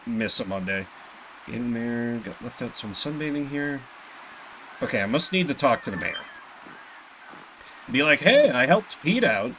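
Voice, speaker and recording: A man's voice: medium pitch, pushed and bright, slight background noise. A man chatting casually while streaming a game, rambling with lots of filler.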